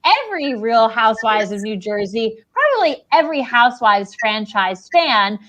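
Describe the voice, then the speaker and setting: A woman's voice: a little high, sing-song, moderate pace, pushed and bright. A woman co-hosting a podcast, telling a story in casual chat with emphatic delivery. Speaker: podcast co-host.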